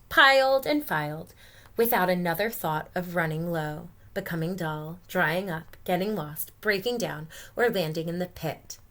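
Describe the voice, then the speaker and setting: A woman teacher reading a picture book aloud to children, expressive with gentle asides. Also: fairly low pitch.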